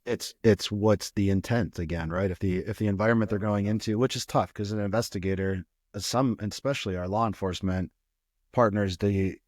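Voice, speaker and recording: A man hosting a podcast interview, asking thoughtful questions in a halting way, with many restarts. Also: on the low side, fairly even intonation, a little mellow, no room sound, clean studio sound. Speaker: podcast host.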